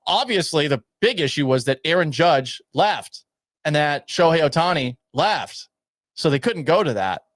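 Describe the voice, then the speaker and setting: A man's voice: a little high, very animated, normal speed, no echo. A man hosting sports talk radio, reading listener texts and giving blunt, sarcastic takes with self-mocking laughs, at a studio microphone. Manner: opinionated, sarcastic, laughs at himself. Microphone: studio microphone at a mixing board.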